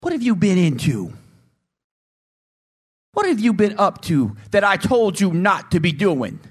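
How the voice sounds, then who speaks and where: A male preacher in full sermon, his voice pitched high and swinging widely as he speaks. He keeps putting questions to his listeners and slips into acted voices for the people in his story. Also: unhurried, breathy edge. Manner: animated, acts out voices and asks the congregation questions.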